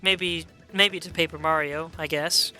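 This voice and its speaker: A man's voice: on the high side, fairly even intonation, unhurried, pushed and bright, soft background music. A man casually commentating a video game stream, chatty with meandering asides.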